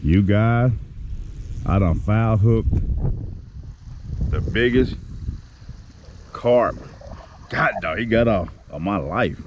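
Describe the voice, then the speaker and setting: A man giving excitable running commentary to his viewers while fishing at a pond outdoors, even talking to the fish he catches. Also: lowish voice, takes it slowly, long pauses, muffled recording, slight background noise. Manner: chatty, excitable, talks to the fish. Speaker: fishing vlogger.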